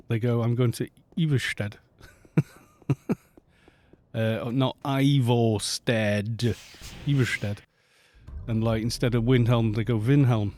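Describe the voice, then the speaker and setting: Welsh male streamer, warm mellow tone, rambling casual chat at a desk mic. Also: mid-range voice. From Wales. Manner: rambling, chatty, reads chat aloud and greets viewers. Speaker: game streamer. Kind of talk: casual live-stream chat while playing.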